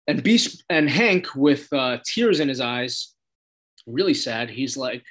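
A man's voice: medium pitch, animated, takes it slowly, fairly bright tone. A man casually retelling a TV episode, loose and rambling, with lots of fillers and "he's like" quotes. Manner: loose storytelling full of "he's like", swearing and fillers. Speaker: episode recapper.

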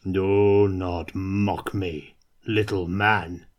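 A man voicing a brutish, beast-changed male warrior with a deep, gruff, growling voice. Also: lo-fi sound. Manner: growling, slow.

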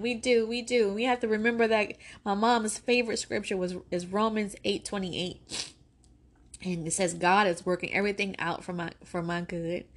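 A woman in her thirties hosting a faith-based parenting talk, earnest and preacherly, repeating phrases for emphasis. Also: mid-range voice. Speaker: podcast host.

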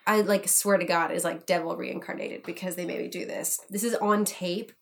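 A young woman telling a funny story in casual chat, animated, swearing, acting out the people she quotes. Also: on the low side, moderate pace, creaky. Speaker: podcast guest.

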